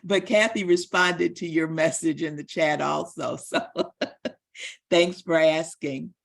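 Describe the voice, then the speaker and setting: Creaky Midwestern host on a video call. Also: mid-range voice, fairly even intonation, slow, fairly bright tone. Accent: Midwestern American. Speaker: meeting host. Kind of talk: hosting an online meeting.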